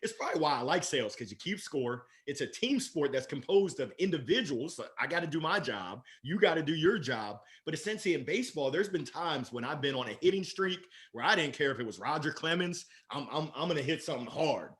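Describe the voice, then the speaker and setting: Bright, lively man chatting about sales. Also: fairly high pitch, fairly quick, hardly any pauses. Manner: lively, laughs often, playful. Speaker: sales leader guest. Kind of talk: casual interview chat.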